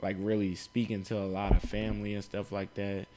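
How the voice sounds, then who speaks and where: A young man with a fairly low voice chats casually. He hedges and restarts often as he feels his way through his thoughts. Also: flat delivery, warm tone, a little hiss or hum. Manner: halting, hedging talk full of fillers. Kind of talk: casual chat.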